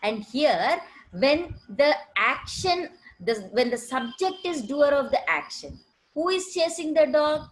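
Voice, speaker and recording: A woman's voice: sits high, lively intonation, slow, rough recording. A woman teaching a recorded grammar lesson, often asking a question and then answering it herself, with many "right?" checks.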